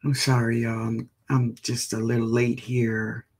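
A woman's voice: a bass voice, little pitch movement, a little slow, a little mellow, husky. A woman hosting a gardening live stream, chatting casually and greeting viewers by name.

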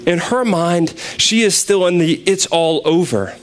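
A young man preaching a sermon, retelling a scripture passage in a conversational, animated storytelling way. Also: high-pitched, unhurried, slight background noise.

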